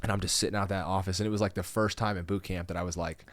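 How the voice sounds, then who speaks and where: Fast-talking, low-voiced profane man. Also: steady tone, no echo. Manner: profane, rambling, acts out quoted voices loudly. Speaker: comedian guest. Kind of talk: casual podcast storytelling.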